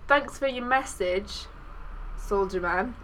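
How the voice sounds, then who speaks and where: A woman co-hosting a podcast in casual chat, giggly, easygoing and quick to apologise. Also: medium pitch, fairly bright tone, slight background noise. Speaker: podcast co-host.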